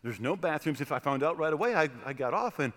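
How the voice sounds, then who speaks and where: A middle-aged American man preaching, telling a personal story in an animated way and often checking in with "right?". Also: on the high side, fast. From United States. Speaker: pastor. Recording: long hall reverb.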